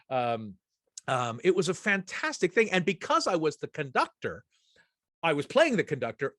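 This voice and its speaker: A man's voice: fairly high pitch, a bit bright, no echo, clean studio sound. A middle-aged man hosting a casual chat, telling a rambling, anecdotal story full of restarts. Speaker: host.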